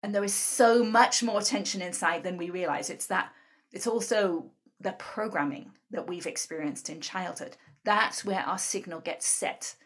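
A woman's voice: fairly low pitch, moderate pace, a bit bright. A woman guest explaining her ideas in an interview, talking earnestly and often checking in with "right?". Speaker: guest speaker on emotional tapping.

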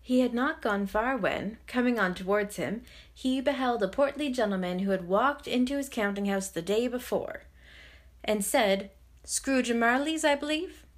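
A woman with a mid-range voice narrates a classic novel as an audiobook, telling the story in a measured, expressive way.

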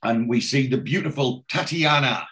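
A man's voice: medium pitch, normal speed, fairly bright tone. A man from England chatting casually as a podcast host, retelling scenes from a TV episode and quoting the characters' lines. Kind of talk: casual chat recapping a TV episode.

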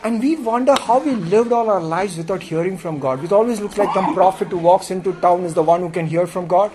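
A man's voice: fairly quick, a crowd in the background. A male preacher delivering a sermon in an emphatic call-and-response style, often asking the congregation questions. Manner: emphatic, with sudden jumps in pitch and volume.

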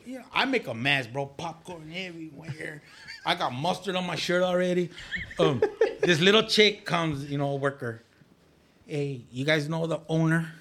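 A man from Arizona telling animated stories in casual podcast chat, laughing often and acting out the voices he quotes. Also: fairly high pitch, normal speed, slight background noise. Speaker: podcast guest.

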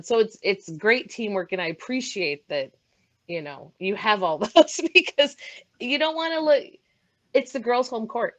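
A woman who works as a PA announcer, chatting lively as a podcast guest and laughing often. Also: mid-range voice, moderate pace. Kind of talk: casual chat.

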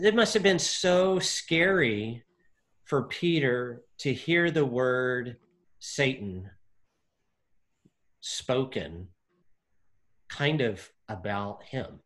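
Animated man in casual Bible chat. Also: mid-range voice, extremely slow, pauses often. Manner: animated, acts out quotes, many fillers. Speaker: Bible discussion co-host.

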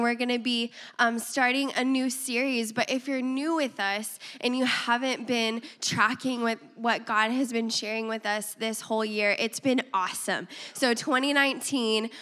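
A woman giving a sermon in a church, her voice hoarse and raspy from a cold. She talks in a bright, fairly high voice and stays chatty and eager, turning often to the congregation. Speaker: guest preacher, pastor's wife. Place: church sanctuary.

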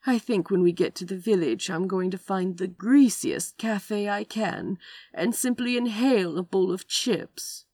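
A woman voicing a polite, genteel gentleman writer who speaks in a slightly flustered, fussy way in a storybook reading. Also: medium pitch, unhurried, dry recording, pitched above the performer's own voice. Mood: plaintive.

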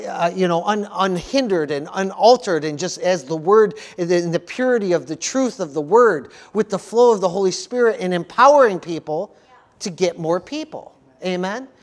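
A male pastor preaching a sermon at a church service, earnest and repetitive, often stopping to ask the congregation for an amen. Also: sits high. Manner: earnest preaching, frequent call-outs for "amen", repeats words.

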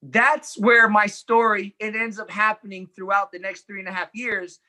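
Earnest man with a bright voice. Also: high voice, moderate pace. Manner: earnest, animated retelling with quoted dialogue. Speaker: interview guest. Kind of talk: personal storytelling in conversation.

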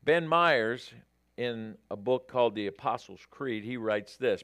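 A man delivers a sermon at an unhurried pace, his voice rising and falling with lively expression. He speaks straight to his listeners and builds to emphatic peaks. The sound is dry and close. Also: mid-range voice, dry recording. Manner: animated, rising to emphatic peaks, addresses audience directly. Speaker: preacher.

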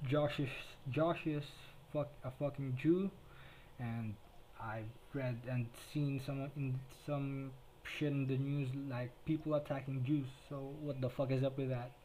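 Solo podcast host, late-teen Filipino guy, warm low tone, rambling and profane. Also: steady tone, unhurried, a little hiss or hum, poor audio. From Philippines. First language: Tagalog. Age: late teens. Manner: heavy swearing, rambling with restarts.

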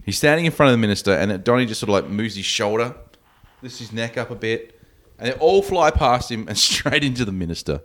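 A man's voice: mid-range voice, expressive, quick pace, fairly bright tone. A man hosting a podcast, casually retelling movie scenes and acting out lines. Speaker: podcast host. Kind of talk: casual movie recap chat.

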